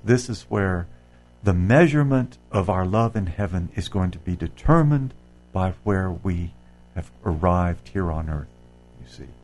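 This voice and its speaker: Man with a low, gravelly voice, preacher reading devotional passages and explaining them conversationally. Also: a little mellow, rough recording. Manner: reads quotations aloud and comments, with fillers and restarts. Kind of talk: spiritual reflection.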